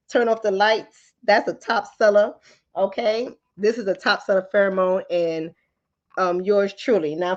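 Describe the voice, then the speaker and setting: A woman hosting her channel in a casual monologue, lively and joking, with slang and frequent laughter. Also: mid-range voice. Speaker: channel host. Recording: slightly dull lo-fi audio.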